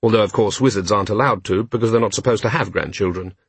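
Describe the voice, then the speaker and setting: Husky, expressive male audiobook narrator. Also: lowish voice, fast talker, no room sound. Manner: expressive, wry storytelling.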